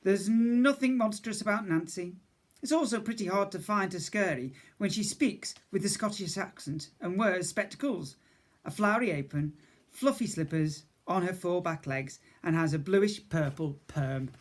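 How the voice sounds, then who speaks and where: A man's voice: high voice, normal speed. A man, a teacher, reading a storybook aloud to young children, stopping to ask questions and explain words.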